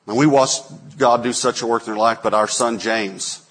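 A man in his forties, a pastor preaching a sermon, telling stories and acting out quotes with sudden loud bursts. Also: medium pitch, fairly even intonation, normal speed, breathy edge. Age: 40s.

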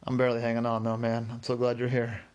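A man voicing a weary stranded boater who talks slowly and gratefully in a story. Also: mid-range voice, monotone, a little mellow, lo-fi sound, lightly acted.

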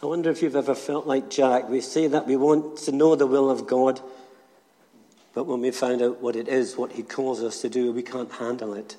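An older minister gives a short talk in a church, first telling a joke story and then drawing a gentle lesson. His mid-pitched voice rings out with a long reverb in the church. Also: steady tone, normal speed. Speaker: retired minister.

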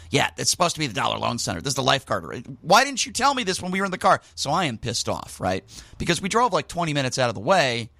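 Animated man telling a sports story. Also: medium pitch, no room sound. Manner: animated storyteller, rising to indignant outbursts. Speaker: sports talk host. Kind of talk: casual sports radio monologue.

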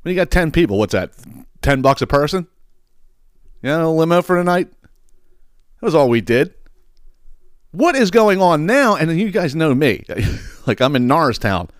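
A man's voice: fairly high pitch, very animated, normal speed, long pauses, no echo, studio quality. A man hosting a podcast, ranting in a casual comedic way. He swears freely and laughs at his own stories. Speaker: podcast host.

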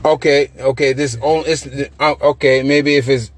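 A young man, a podcast host telling profane, animated stories with loose repetitions. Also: mid-range voice, moderate pace. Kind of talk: casual chat.

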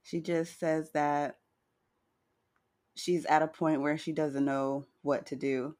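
A woman co-hosting a casual recap chat, chatty and wry, with a slightly hoarse morning voice. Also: low voice, fairly even intonation, takes it slowly, darkish tone. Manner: chatty, wry, retells scenes with quoted lines. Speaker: podcast co-host recapping a reality show.

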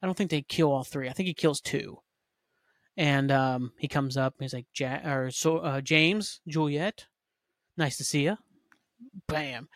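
A man's voice: on the high side, a bit bright, dry recording, studio quality. A man hosting a podcast, chatting casually and rambling through a TV recap with lots of fillers and some swearing. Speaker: podcast host. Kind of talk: casual solo recap chat.

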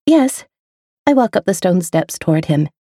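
Low-voiced woman narrating a romance. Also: expressive, a little fast, mellow, no echo, clean studio sound. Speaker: audiobook narrator. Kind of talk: first-person romance narration.

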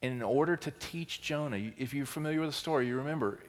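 A male teaching pastor delivering a sermon, swinging between loud emphatic bursts and quiet, intense stretches. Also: mid-range voice, fast. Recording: long hall reverb.

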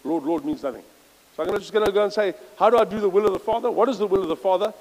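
A man's voice: sits high, fairly even intonation, very fast, a little mellow, big-room sound, rough recording. A man giving an informal church sermon, reading scripture aloud with emphasis and chatty, self-correcting asides. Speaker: lay preacher.

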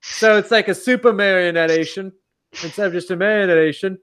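A gruff, cartoonish British bloke, as a man puts him on, his accent wobbling all over the place. The voice sits a bit high and lands with a loose, jokey swagger. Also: fairly quick, a bit bright. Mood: mocking.

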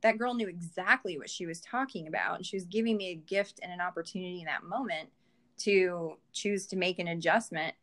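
A woman's voice: lowish voice, a little fast, fairly bright tone. Candid, reflective woman podcast guest. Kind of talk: casual interview conversation.

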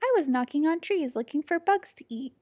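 A woman voicing a tiny, gentle night creature in a small, soft voice. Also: sits high, animated, brisk, no room sound, studio quality, pitched above the performer's own voice.

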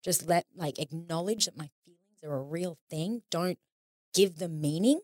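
A woman's voice: lowish voice, normal speed, darkish tone, no room sound, studio quality. A woman in her thirties, a podcast guest, talking candidly in casual conversation, swearing freely and acting out the voices in her head.

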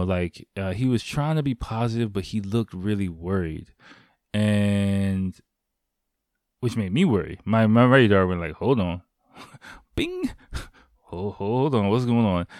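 A man's voice: on the low side, darkish tone, dry recording, clean studio sound. A man casually telling a long story, rambling with lots of fillers, restarts and casual swearing.

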